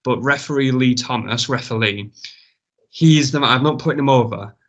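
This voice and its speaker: A man's voice: mid-range voice, a little fast, a bit bright. A man, a wrestler as a guest, casually telling a rambling, self-mocking story and swearing freely.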